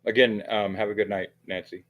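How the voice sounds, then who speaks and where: A man's voice: on the low side, flat delivery, brisk, dull audio. A man giving heated, profane livestream commentary, rambling with frequent restarts and fillers.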